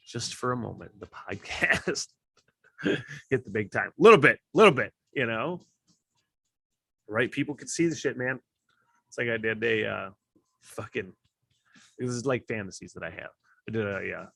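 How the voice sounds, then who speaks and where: Middle-aged dude from michigan ranting solo on his podcast, swears a lot, bright edgy tone, dry close sound. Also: mid-range voice, vocal fry, no echo. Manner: profane, rambling, gets worked up and loud. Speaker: podcast host. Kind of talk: casual solo podcast rant.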